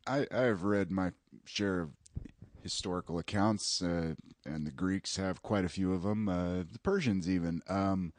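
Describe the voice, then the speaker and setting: A man's voice: low-pitched, normal speed. A man hosting a podcast, chatting casually and dropping wry quips. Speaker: podcast host. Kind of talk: casual chat.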